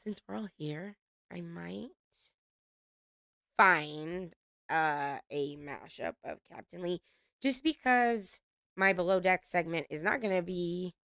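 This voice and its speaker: A woman's voice: on the low side, takes it slowly, gravelly, fairly bright tone, no echo, studio quality. A woman hosting a casual reality TV recap, chatty, laughing often and swearing casually.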